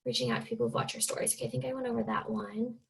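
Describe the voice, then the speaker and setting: A young woman from Oregon talks casually on a team video call, her fairly high voice carrying a gravelly, creaky edge. She is chatty and leans on fillers, and she keeps slipping into little impressions of the people she quotes. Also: big pitch swings, very fast, low-quality recording. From Oregon, USA. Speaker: guest speaker, fitness coach.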